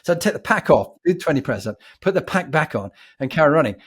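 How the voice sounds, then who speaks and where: A man's voice: a little high, quick pace, hardly any pauses, husky. A man with a posh British accent, a podcast guest telling vivid, reflective stories. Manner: reflective, vivid, animated storyteller. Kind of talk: anecdotal storytelling.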